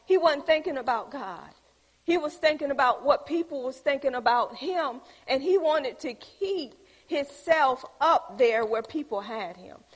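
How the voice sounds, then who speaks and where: High-voiced older woman preaching. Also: unhurried. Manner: lively storytelling, acting out quoted voices, chuckling often. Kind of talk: sermon. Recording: echoey hall.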